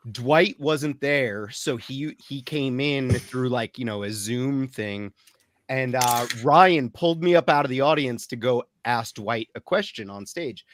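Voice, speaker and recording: A man's voice: medium pitch, measured pace. A man who is a guest on a podcast, telling stories with dry, self-deprecating jokes. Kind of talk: casual chat.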